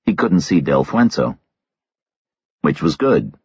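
A man narrating a thriller audiobook in a measured, terse delivery on a slightly dull recording. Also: a bass voice, sing-song, a little mellow, breathy edge, no room sound.

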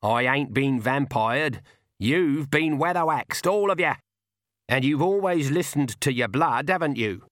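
A man's voice: medium pitch, unhurried, no echo, studio quality, pitched above the performer's own voice. A man voicing a shrewd, stern old witch woman with plain-spoken, folksy speech in an audiobook. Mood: triumphant. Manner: plain-spoken rural speech, calm and cutting.

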